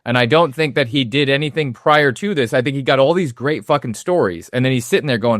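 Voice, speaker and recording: A man's voice: mid-range voice, fast talker, hardly any pauses, no echo, studio quality. A man co-hosting a film podcast, telling stories in casual talk with lots of swearing and quoted asides. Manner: profane, animated storytelling with acted-out quotes. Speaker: podcast co-host.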